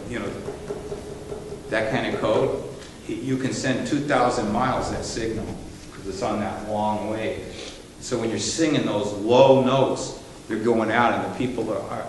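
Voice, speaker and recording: A man's voice: fairly low pitch, noisy background. Folksy man teaching in an echoey hall. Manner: folksy, storytelling, many fillers and restarts. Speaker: seminar presenter for a music ministry team. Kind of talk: live seminar talk. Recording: roomy live hall recording with reverb.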